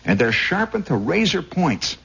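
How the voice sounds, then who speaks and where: A man's voice: fairly high pitch, moderate pace. A man from Indiana telling a rambling story as a radio host, on a dull 1960s radio recording. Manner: rambling, animated, husky raconteur. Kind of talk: storytelling monologue.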